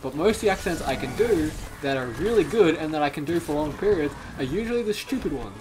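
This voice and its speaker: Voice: medium pitch, animated, fast talker, noisy background. A gamer in a co-op let's play, chatting casually in a rambling, self-mocking way that trails off. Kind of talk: casual gaming chat.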